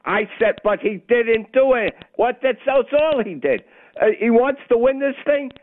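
Brief: older male caller, high and swooping voice, blunt and agitated, tinny phone line. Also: expressive, normal speed. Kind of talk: call-in talk radio.

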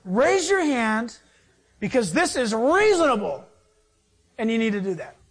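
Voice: medium pitch, big pitch swings, measured pace, husky, exaggerated voice. A preacher voicing the Holy Spirit as a firm, coaxing inner voice pressing a listener to respond. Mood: urging.

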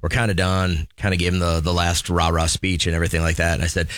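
Male morning radio host, low pitch, dry studio sound, easygoing storyteller. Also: monotone, fast talker, fairly bright tone, no room sound. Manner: joking storyteller, teasing callers. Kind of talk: casual radio banter.

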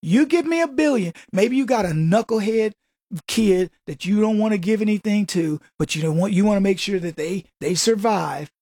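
A man's voice: high voice, normal speed, darkish tone, no echo, studio quality. A man hosting a radio show, delivering a combative, sarcastic political monologue full of rhetorical questions.

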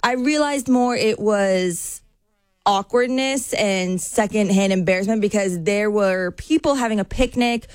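A young woman co-hosting a radio show, retelling a personal story in lively, chatty fashion. She acts out what each person said as she goes. Her voice is close and dry, with no room sound. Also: mid-range voice, a little slow, smooth, dry recording. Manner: animated storytelling, acting out quotes. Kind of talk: casual morning-show chat.

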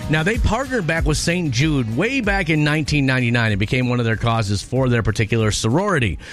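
A man's voice: medium pitch, animated, a little fast, faint music behind. A man in his forties hosting a casual radio chat, talking in an emotional, stumbling way with restarts, from the American Midwest. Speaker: radio show host. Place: radio studio.

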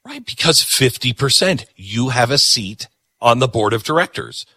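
A man's voice: medium pitch, big pitch swings, normal speed, pushed and bright, slightly rough, no echo. A middle-aged man hosting a talk show, giving emphatic, repetitive political commentary.

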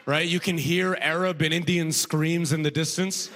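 A man's voice: a little high, fairly even intonation, normal speed, fairly bright tone, long reverb tail, slight background noise. A man from Alberta performing a stand-up comedy set on a festival stage, talking conversationally and tossing in frequent "right?" asides. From Alberta, Canada. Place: comedy festival stage before a live audience.

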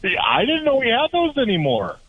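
A man's voice: very high-pitched, wildly swooping pitch, brisk, husky. A man calling in to a radio show, casually telling the host about a strange phone call he got. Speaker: caller. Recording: muffled phone line.

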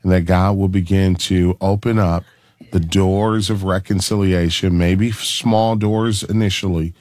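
A man hosting a Christian call-in radio show, speaking gently and encouragingly to callers and guests. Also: deep voice, steady tone, measured pace, dry recording.

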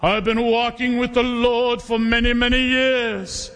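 A man's voice: very high voice, flat delivery, measured pace, fairly bright tone, voice pushed up, full character voice. A man putting on a pompous old churchgoer in a Scottish brogue. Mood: haughty. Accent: put-on Scottish brogue. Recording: long hall reverb, distant.

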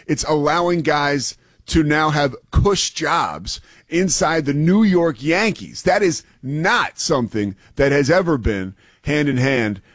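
A man's voice: a little high, lively intonation, slow, no echo, clean studio sound. A man in his forties co-hosting a sports talk show, arguing emphatically and repeating words as he presses his points.

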